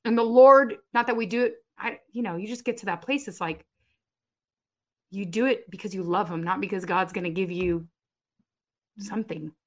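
A middle-aged woman speaks as an interview guest, sharing a personal faith testimony. Her pitch sits mid-range, and her delivery is emphatic and animated, swelling into sudden loud bursts when she stresses a point. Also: moderate pace, long pauses. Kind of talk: conversational testimony.

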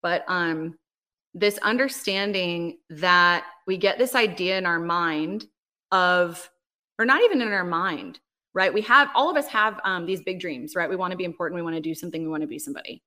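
A woman, a ministry leader, talking casually as a podcast guest, telling a personal faith story in an animated way with lots of "like" and "right?". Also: on the low side, normal speed. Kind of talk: casual interview, personal testimony.

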